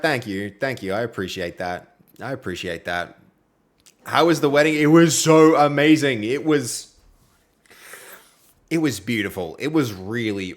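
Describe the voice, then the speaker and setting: A young Australian man streaming while he codes, chatting casually with viewers and reading their messages aloud, with a friendly manner and plenty of fillers. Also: medium pitch. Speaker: livestreaming programmer. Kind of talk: casual live-stream chat while coding.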